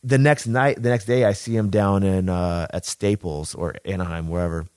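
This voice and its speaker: On a casual podcast, a man in his thirties with a low-pitched voice tells long stories at a moderate pace. He's animated and swears freely, acting out other people's lines.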